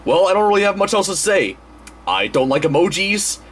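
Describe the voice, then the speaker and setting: A man's voice: high-pitched, big pitch swings, brisk, husky, full character voice. A man voicing a grumpy cartoon bird who hosts his own show, rambling hesitantly with lots of ums and restarts. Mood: weary. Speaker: show host. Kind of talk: casual chat.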